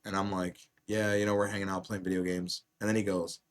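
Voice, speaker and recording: A man's voice: on the low side, fairly quick, hardly any pauses. A man hosting a podcast, telling a wild story in casual chat, swearing a lot and acting out what people said. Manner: animated storyteller, heavy swearing, acts out quotes loudly. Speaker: podcast host.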